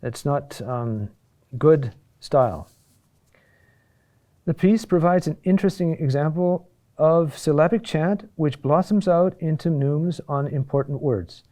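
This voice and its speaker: A man teaches a chant lesson in a mellow, fairly high voice. He explains in short, halting phrases full of fillers and tossed-off asides, and now and then sings a phrase slowly.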